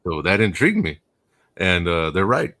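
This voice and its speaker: A laid-back man hosting a casual live stream, speaking in a very low, deep voice. He keeps the talk going by asking his guests questions and reading out viewer comments. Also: big pitch swings, normal speed, bright, forceful tone. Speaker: host. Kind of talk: casual chat.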